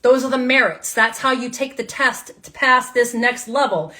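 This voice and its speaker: High voiced lady reading tarot live, repeats herself, swears a bit, gets fired up. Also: normal speed, pushed and bright. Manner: emphatic, fired-up, repeats phrases; casual, swears freely. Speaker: tarot reader.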